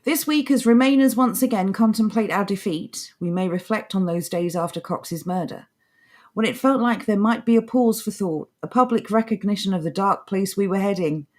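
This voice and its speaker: Speaking at a moderate pace in a medium-pitched, slightly mellow voice, this podcast co-host reads articles out loud. She then mocks them with sarcastic comments in a relaxed, chatty way.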